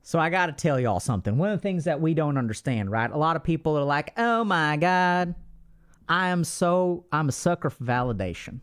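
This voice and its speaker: A man's voice: a little high, sing-song, fairly quick, clear, resonant tone. A man putting on a folksy Texan drawl. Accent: put-on Texan drawl. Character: folksy Texan man spinning homespun advice.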